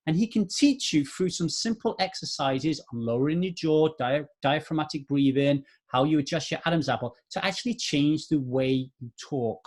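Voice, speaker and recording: Male podcaster, 40s, earnest motivational monologue, pitched a bit high. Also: normal speed, hardly any pauses, a little mellow. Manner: earnest, repeats points for emphasis. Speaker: podcast host.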